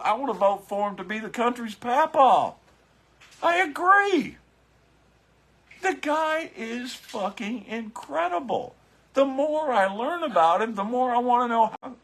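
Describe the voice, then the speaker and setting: A man's voice: very high-pitched, sing-song, unhurried, a bit bright. A man doing a profane live-streamed political rant to his viewers on his phone, fiery and swearing, repeating his catchphrases. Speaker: biker vlogger.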